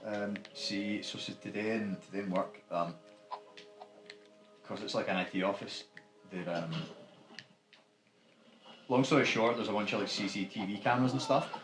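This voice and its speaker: A man's voice: fairly low pitch, moderate pace, long pauses. A Scottish man rambling and swearing freely as he chats over a co-op video game. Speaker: gaming co-host. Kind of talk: casual let's-play banter. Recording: echoey room with game music. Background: video game music.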